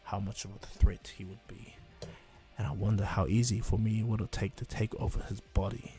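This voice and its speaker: A man's voice: flat delivery, moderate pace, faint music behind, close to an everyday voice. A man doing a whispery scheming snake villain. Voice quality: whispery, low and hushed. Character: scheming snake-like male villain, hushed and calculating.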